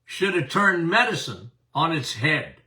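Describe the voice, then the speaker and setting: A man's voice: a little high, very animated, measured pace, pushed and bright, far from the mic. An older man, a doctor hosting a podcast, talking casually about health and speaking straight to his listeners in a folksy way. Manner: folksy, addresses listeners directly.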